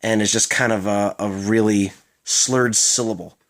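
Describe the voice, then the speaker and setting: A man's voice: lowish voice, steady tone, normal speed. A young man from Maryland with a Baltimore accent, chatting casually in a vlog, rambling with lots of fillers and self-mocking asides. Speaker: vlogger.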